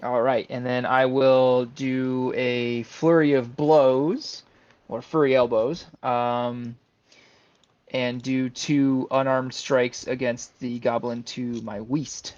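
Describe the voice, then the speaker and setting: A man playing a tabletop game, calmly declaring his rolls and damage with frequent "uh"s. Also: medium pitch. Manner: unhurried, with many "uh"s while declaring rolls. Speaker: player. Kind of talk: casual tabletop game play. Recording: dull lo-fi mic.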